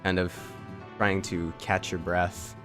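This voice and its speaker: A man running a tabletop game as dungeon master, narrating in a slow, laid-back way with casual fillers. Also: deep voice, flat delivery, a bit bright, soft background music.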